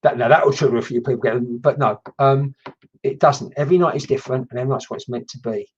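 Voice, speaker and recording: A man's voice: mid-range voice, fast talker, a little hiss or hum. A man working as a spiritual medium, chatting casually and rambling on a livestream while answering viewers' comments. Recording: dull lo-fi stream audio.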